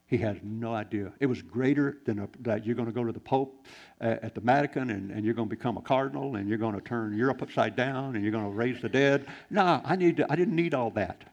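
A man preaching a sermon, shifting between loud exclamations and hushed, quiet lines. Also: mid-range voice, a little fast, dull audio. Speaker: pastor.

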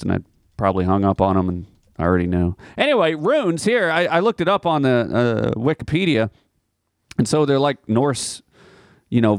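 A man's voice: fairly low pitch, no room sound, clean studio sound. A man co-hosting a podcast in casual chat, telling rambling, profane stories and laughing often. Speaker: podcast co-host.

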